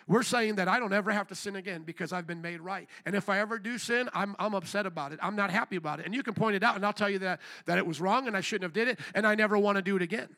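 A male pastor preaches with a high, bright, forceful voice. He's emphatic and punchy, repeating phrases again and again and calling out for amens.

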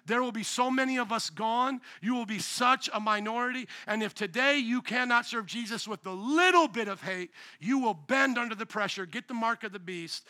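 A man preaching a sermon in a high, very bright and forceful voice. He talks emphatically and conversationally and keeps throwing questions at the congregation. The sound is dry and close. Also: normal speed, few pauses, dry recording. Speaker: pastor.

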